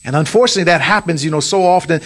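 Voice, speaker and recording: A man's voice: very fast, fairly bright tone. Emphatic man preaching on marriage. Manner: emphatic preaching, rising pitch on key points. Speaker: pastor. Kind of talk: sermon on marriage.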